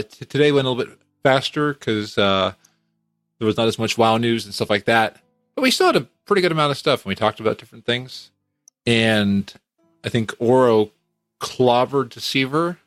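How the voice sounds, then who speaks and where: A man hosting a casual podcast, easygoing and quick with short approvals. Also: mid-range voice, lively intonation, fairly bright tone, no room sound, studio quality, soft background music. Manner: easygoing, often says brief approvals. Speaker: podcast host. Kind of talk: casual chat.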